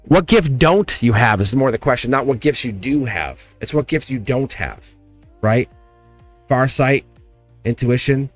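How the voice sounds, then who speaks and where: A man with a Southern accent, reading tarot on a casual livestream and talking straight to his viewers, laughing often. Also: medium pitch. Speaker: tarot reader.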